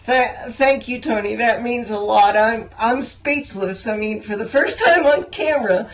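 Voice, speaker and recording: A young man interviewing a guest, earnest and halting, with frequent fillers and restarts. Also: very high-pitched, fairly bright tone, rough recording. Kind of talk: casual interview chat.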